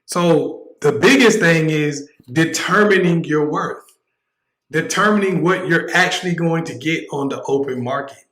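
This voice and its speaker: A man's voice: a little high, unhurried, fairly bright tone. Male livestream host, blunt and joking, raised voice, roomy sound. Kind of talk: casual livestream commentary.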